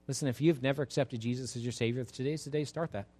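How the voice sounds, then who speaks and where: A man preaching a sermon as pastor, swinging from loud exhortation to soft pleading, speaking to a church congregation. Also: mid-range voice, steady tone, rapid-fire. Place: church sanctuary.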